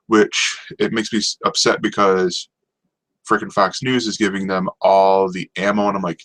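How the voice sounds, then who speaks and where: Another solo TV review podcast comes from a North American man who rambles with many ums and restarts. He has a deep, fairly bright voice, a level tone and a moderate pace, captured on a rough recording.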